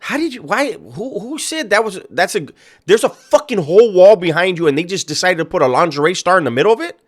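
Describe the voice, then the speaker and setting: A man's voice: sits high, animated, brisk. A man hosting a reaction video, talking casually with a mocking, incredulous tone and heavy swearing. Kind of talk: casual profane reaction commentary.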